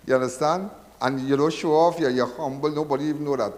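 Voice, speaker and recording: A man's voice: on the high side, fairly even intonation, quick pace, few pauses, a little mellow, big-room sound. A Trinidadian man hosting a live call-in crime show, talking in a rambling, repetitive, preachy way. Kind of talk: live call-in radio talk.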